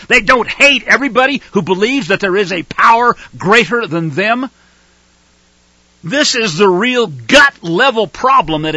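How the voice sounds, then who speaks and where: A man delivers a fiery sermon in a bright, piercing voice pitched high for a man. His delivery is lively and wide-ranging, climbing into shouted outbursts. The sound is dry and close. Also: no echo, rough recording. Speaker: preacher.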